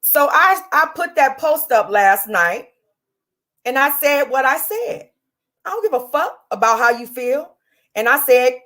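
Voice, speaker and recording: With a high, somewhat bright voice and lively intonation, a woman hosting a livestream rages at a rival. She's combative and foul-mouthed, stretching words out before rushing ahead.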